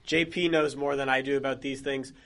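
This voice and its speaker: This is a young man in casual podcast chat, talking at an ordinary mid pitch. He rambles from point to point, joking and padding his talk with plenty of "like" fillers. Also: fairly even intonation, brisk, fairly bright tone. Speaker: podcast co-host.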